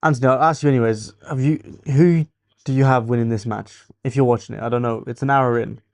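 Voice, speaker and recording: A young man with an English accent hosting a casual football watchalong stream, teasing viewers and thinking out loud. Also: mid-range voice, fairly even intonation, fairly quick, creaky, no echo.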